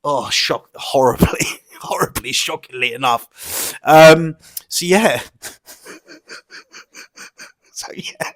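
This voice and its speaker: A man's voice: fairly high pitch, drawn-out words, pauses often, fairly bright tone. A man giving a mocking, exasperated commentary rant, swearing and laughing often. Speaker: YouTube commentator. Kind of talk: ranting commentary vlog.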